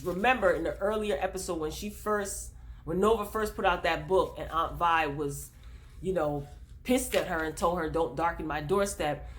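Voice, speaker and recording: Speaking directly to her viewers, a woman hosts a casual TV episode recap, retelling scenes with plenty of fillers. Her voice is medium in pitch and a bit bright.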